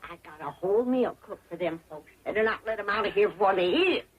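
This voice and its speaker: An actress playing a feisty, cantankerous old backwoods granny with a drawl, scolding and folksy, in 1960s sitcom style. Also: female voice, medium pitch, animated, fast, highs cut off, a crowd in the background, close to an everyday voice. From Ozark Mountains, Missouri. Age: older. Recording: 1960s TV sound with laugh track.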